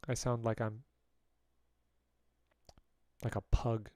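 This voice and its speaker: A young man casually chatting with viewers while drawing on a live stream, relaxed and joking, his heavy breathing audible on a close mic. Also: mid-range voice, slow.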